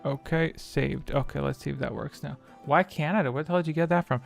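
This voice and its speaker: A man hosts a quiz on his live stream, half talking to himself as he fiddles with settings and complains at the software. His voice has a gravelly, creaky edge. Faint music sits underneath. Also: a little high, steady tone, a little fast. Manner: mutters to himself, exasperated at the software. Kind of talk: casual live-stream chat.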